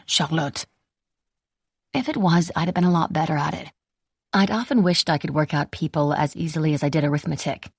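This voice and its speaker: A woman narrating a novel in the first person with a wry, measured delivery. Her voice is lowish and gravelly with a husky grain, recorded dry and close. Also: darkish tone, no echo. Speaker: audiobook narrator.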